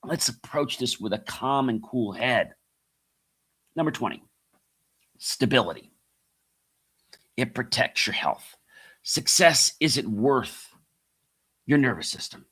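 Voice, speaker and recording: Middle-aged guy giving a motivational talk, bright voice, repeats himself a lot. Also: mid-range voice, animated, takes it slowly, long pauses, slightly rough. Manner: repeats key phrases, asks rhetorical questions; addresses listeners as guys. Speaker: podcast host and coach. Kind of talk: motivational monologue.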